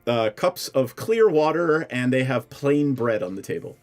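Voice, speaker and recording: A man running a tabletop game as dungeon master, narrating with many pauses and fillers. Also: mid-range voice, very animated, darkish tone, faint music behind. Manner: hesitant, filler-heavy narration.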